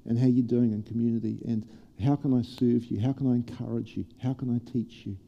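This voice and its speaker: A man preaching a sermon to a congregation, playful and lively at first and then quiet and prayerful. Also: mid-range voice, a little fast, gravelly, in a large hall. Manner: animated, humorous preaching that turns soft and prayerful. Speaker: pastor. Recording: dull lo-fi church sermon recording.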